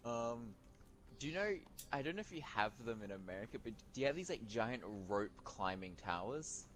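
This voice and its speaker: A man's voice: mid-range voice, very animated, a bit bright, rough recording. A man on a stream telling a story to his friends, hesitant and full of filler words. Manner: hesitant, halting, lots of "like". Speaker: guest on the stream.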